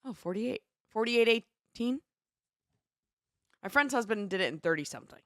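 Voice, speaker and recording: A young adult woman co-hosting a podcast, telling stories in an animated casual chat. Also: a little high, normal speed, no echo, clean studio sound. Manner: animated storytelling, shouts quoted cheers. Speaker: podcast co-host.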